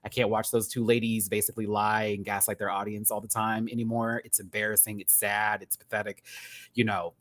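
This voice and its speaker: A man hosting a casual live-stream rant, chatty and rambling, with sudden bursts of high laughter. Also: level tone, fairly quick, fairly bright tone, no room sound. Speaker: YouTube commentary host.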